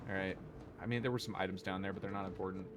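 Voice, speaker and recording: Low-voiced man streaming a game. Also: fairly even intonation, very fast, background noise. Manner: thinks aloud, swears when annoyed. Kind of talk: casual gameplay commentary. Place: home desk setup.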